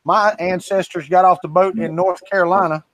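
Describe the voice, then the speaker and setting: A man's voice: high-pitched, steady tone, fairly quick, no room sound. A man from Florida with a Southern accent, co-hosting a livestream in casual, teasing, rambling chat. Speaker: co-host of a livestream.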